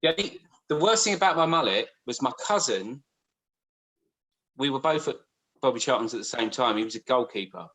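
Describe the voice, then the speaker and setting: A man co-hosting a laid-back podcast, spinning long, wandering anecdotes. His voice is at a middling pitch and he talks in an easy, chatty way, full of asides. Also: animated, moderate pace, fairly bright tone, rough recording. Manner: rambling anecdotal storyteller. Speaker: podcast co-host. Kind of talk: casual chat.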